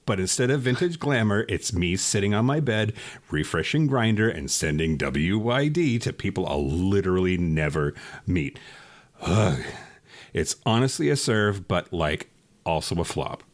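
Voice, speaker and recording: A man's voice: deep voice, sing-song, measured pace. A man voicing an airheaded young gay man who gushes in slang, read aloud on a podcast. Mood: gushing. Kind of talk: reading a joke text aloud in character.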